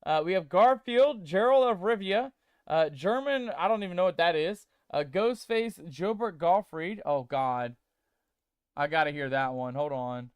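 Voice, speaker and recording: This is a man streaming a game who reads chat aloud, tests text-to-speech voices, and jokes casually with viewers he calls mateys. He speaks in an unhurried way with a voice that sits high. The sound is clean studio audio with a clean tone and no room sound.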